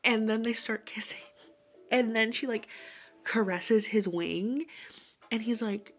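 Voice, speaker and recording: A woman's voice: a little high, slow pace, soft background music. A woman hosting a casual book vlog, chatting about a novel she is reading and laughing often as she goes. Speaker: booktube host.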